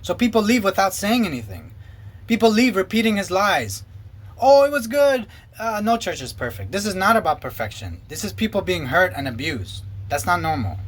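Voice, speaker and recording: A former pastor giving an earnest personal testimony and acting out past conversations in quoted dialogue. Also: male voice, sits high, big pitch swings, fairly quick, a bit bright, husky.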